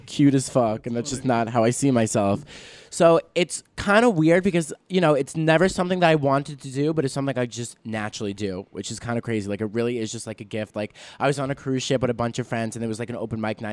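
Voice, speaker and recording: Fast-talking young comedian, dry sound. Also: male voice, medium pitch, a little mellow, no echo. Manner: chatty, self-mocking, heavy use of "like". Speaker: stand-up comedian guest. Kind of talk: casual podcast interview. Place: basement studio.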